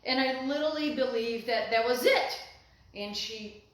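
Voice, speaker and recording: Middle-aged woman, slightly high voice, heartfelt rambling vlog storytelling, very echoey room. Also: moderate pace. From Brazil. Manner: rambling, heartfelt, many fillers and restarts. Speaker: vlogger. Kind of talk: personal storytelling to camera.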